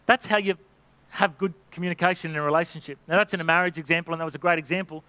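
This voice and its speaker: A middle-aged man preaching in a high, bright voice that stays close and dry. He exhorts his listeners earnestly, pressing each point home, and now and then slips into the voices of people in his examples. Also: fairly even intonation, rapid-fire, dry recording. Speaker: pastor. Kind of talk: sermon.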